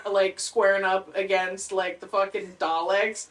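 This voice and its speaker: A woman's voice: medium pitch, flat delivery, measured pace, distant mic. A young woman from Canada co-hosting a podcast, chatting casually and animatedly, swearing and slipping into silly voices. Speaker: podcast co-host. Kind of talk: casual chat.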